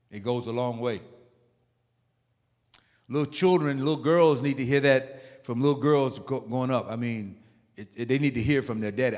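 Male preacher, high and animated, emphatic sermon, long church reverb. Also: moderate pace. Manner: emphatic, swings from soft to shouting. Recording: long reverb of a large hall.

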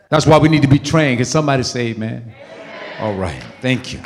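A man preaching a sermon as pastor, emphatic and call-and-response, with sudden loud peaks. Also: mid-range voice, lively intonation, moderate pace, big-room sound.

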